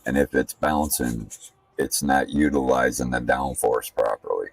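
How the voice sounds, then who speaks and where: Very deep gravelly man, blunt and profane. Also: measured pace, dry recording, recorded from a distance. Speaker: sim racing streamer. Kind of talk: casual commentary while practicing laps. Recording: voice set back from the mic.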